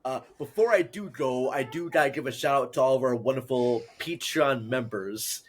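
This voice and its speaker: A man from Minnesota hosting a casual podcast chat, rambling and halting with lots of fillers. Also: mid-range voice, background noise. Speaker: podcast host.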